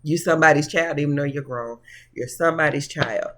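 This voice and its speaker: A man's voice: on the high side, fairly quick, a bit bright. A man giving a casual tarot reading to camera in a sassy, preachy way. He calls his listeners honey and baby and laughs often. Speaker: tarot reader.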